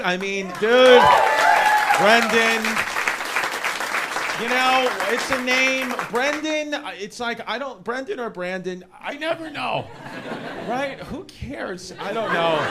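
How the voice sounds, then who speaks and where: A man with a New York accent doing a rambling, animated stand-up set in a comedy club, shouting some punchlines. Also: sits high, a little slow, over a noisy crowd. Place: comedy club with a laughing audience. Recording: live club recording with audience noise.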